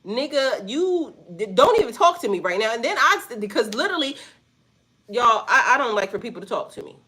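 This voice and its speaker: A woman's voice: a little high, fairly quick. Profane woman ranting a storytime. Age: adult with a son. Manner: blunt, profane, animated storytelling with asides to viewers. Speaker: spiritual vlogger. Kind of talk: casual storytime rant.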